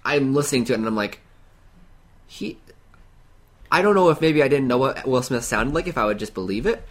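A man co-hosting a casual podcast chat, relaxed and rambling with lots of fillers. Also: mid-range voice, brisk. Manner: relaxed, rambling, frequent likes and laughs. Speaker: podcast co-host.

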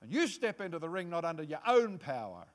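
A man preaching from the pulpit with a high voice that leaps up and down. He acts out quotes with dramatic swings, sometimes dropping to a soft hush to make a point. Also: sing-song, brisk. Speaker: pastor. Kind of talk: sermon.

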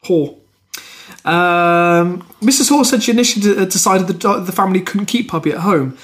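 A man's voice: sits high, normal speed. A man co-hosting a comedy podcast, reading out news stories and comments in a giggly, easygoing way.

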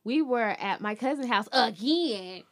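Young woman spilling a story on a podcast, high voice, super animated, keeps doing other people's voices. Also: unhurried. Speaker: podcast co-host. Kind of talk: casual storytelling chat.

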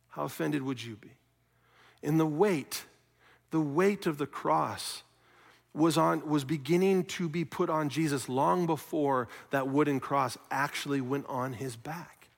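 A man preaching a sermon as pastor, earnest, swinging from loud questions to quiet, soft passages. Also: fairly high pitch, vocal fry, in a large hall. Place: church sanctuary.

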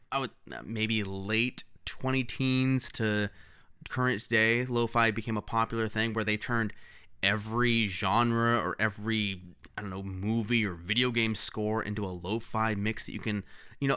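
A man co-hosts a casual music podcast with a bright, forceful tone and a smooth, resonant voice. He rambles and restarts his sentences often, laughing easily as he talks. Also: medium pitch. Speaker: podcast co-host. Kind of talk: casual chat.

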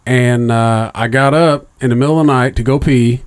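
With a smooth, mid-range voice and a steady tone at normal speed, a middle-aged man rambles through a long, profanity-laced story. He often restarts and uses lots of fillers, getting louder whenever he quotes someone.

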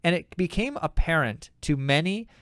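A man's voice: fairly high pitch, expressive, normal speed, a bit bright, no echo, studio quality. A man hosting a podcast, giving emphatic, opinionated commentary on the news with many fillers. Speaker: podcast host.

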